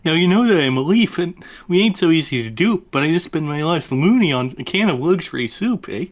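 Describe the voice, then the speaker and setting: A man's voice: fairly high pitch, expressive, fairly quick, lightly acted. A man reading a comic ballad as a hapless man, tacking on "eh" in a sing-song way. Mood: storytelling.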